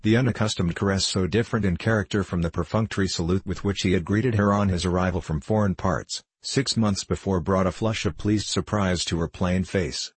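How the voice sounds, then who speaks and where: A man reads a classic novel aloud in a measured, even way. His voice sits low and sounds husky. The recording is dry and close, with no room sound. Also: no echo. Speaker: audiobook narrator. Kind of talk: scripted narration.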